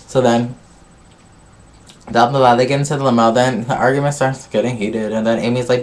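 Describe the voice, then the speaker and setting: A man's voice: mid-range voice, a little fast. Gossipy man recapping a reality show. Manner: gossipy, swears a lot, skips ahead with "blah, blah, blah". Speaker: vlogger reviewing a reality show. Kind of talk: casual recap.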